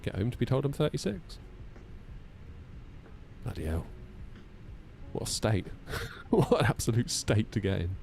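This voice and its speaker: A man's voice: lowish voice, big pitch swings, unhurried, vocal fry, pauses often, a little mellow, slight background noise. A man, chatting and joking with viewers while running through checklists on a live stream from a home setup. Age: 30s. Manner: chatty, jokey banter with viewers, self-mocking. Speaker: flight sim streamer. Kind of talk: live-stream chat while flying a simulator. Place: home simulator room.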